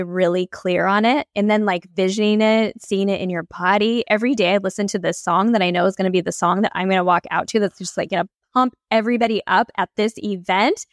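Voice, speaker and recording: A woman's voice: medium pitch, no echo, studio quality. A woman coach and podcast guest telling stories with energy, acting out her own inner dialogue. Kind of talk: energetic storytelling in an interview.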